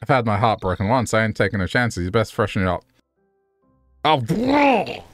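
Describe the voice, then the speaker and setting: A man casually streaming a game, playful and jokey while pitching silly schemes. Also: fast talker, a bit bright, faint music behind. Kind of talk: casual gaming stream chat.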